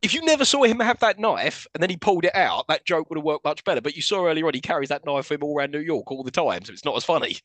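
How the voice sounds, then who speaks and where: A man co-hosting a film podcast in animated, incredulous casual chat, laughing often. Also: on the high side, rapid-fire, hardly any pauses, dry recording. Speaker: podcast co-host.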